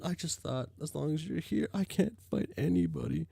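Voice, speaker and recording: A man's voice: fairly high pitch, lively intonation, normal speed, gravelly, warm tone, slightly rough, no echo, studio quality, exaggerated voice. A man doing a sobbing dog-girl spirit. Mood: frightened. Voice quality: sobbing, whimpering. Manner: tearful, self-pitying. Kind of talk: reading a webcomic aloud in voices.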